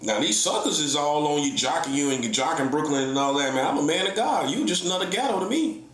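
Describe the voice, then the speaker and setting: A middle-aged man preaches his point in a combative, repetitive monologue, hammering the same lines again and again. His voice sits a little high for a man. The recording is roomy, with a noticeable echo around him. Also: lively intonation, quick pace, fairly bright tone, a little hiss or hum. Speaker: self-styled prophet. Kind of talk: heated online monologue. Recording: echoey room.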